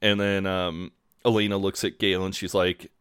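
Male podcast co-host, low voice, dry close mic, laid-back recap with fillers. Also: normal speed, clean tone, dry recording. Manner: relaxed, many fillers, acts out quotes. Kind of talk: casual chat recapping a show.

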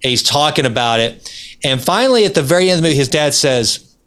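A middle-aged man co-hosting a casual podcast, telling personal stories and film scenes with lively energy. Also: on the high side, fast talker. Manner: animated storyteller. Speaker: podcast co-host.

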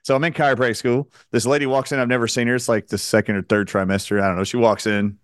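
A male radio host telling an animated anecdote, acting out the voices of the people in it, with a joking, outspoken manner. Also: medium pitch, quick pace, dry recording, studio quality. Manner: animated anecdote-teller who acts out quotes. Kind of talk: storytelling on a radio talk show.

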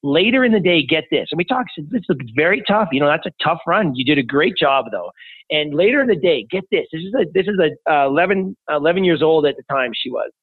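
A man's voice: fairly high pitch, lively intonation, fast talker, husky, no echo. A man, a podcast guest, telling personal stories with enthusiasm. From Canada. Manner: enthusiastic anecdotal storyteller. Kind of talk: conversational interview. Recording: tinny phone-like remote line.

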